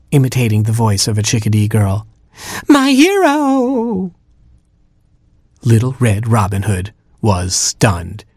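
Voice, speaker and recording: A man narrating a children's story in a lively, playful reading style. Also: lowish voice, breathy edge, no echo, studio quality.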